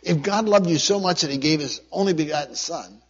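A man's voice: a little high, brisk, slightly rough. A man preaching a sermon, reading scripture aloud and repeating key phrases earnestly. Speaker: pastor. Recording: dull lo-fi recording.

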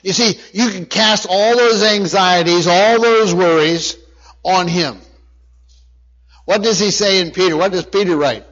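A pastor with a high, slightly bright voice delivers a sermon at an unhurried pace, reading scripture aloud and earnestly repeating key phrases. The recording is dull and lo-fi.

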